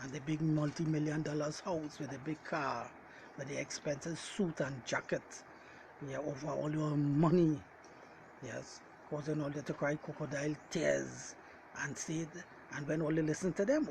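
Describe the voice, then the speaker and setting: A man preaches a message in a fairly high voice, talking straight at his listeners and hammering the same phrases again and again. He keeps calling them ladies and gentlemen as he pushes each point home. A faint hiss sits under his voice. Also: low-quality recording. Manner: repetitive, hammering refrains. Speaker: self-styled Bible teacher.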